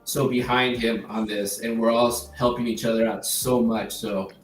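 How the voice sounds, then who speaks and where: A man chatting casually as a guest, earnest and halting, often repeating words as he starts his sentences. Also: mid-range voice, little pitch movement, faint music behind. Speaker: guest, group member. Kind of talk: casual chat. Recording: roomy sound from far off the mic.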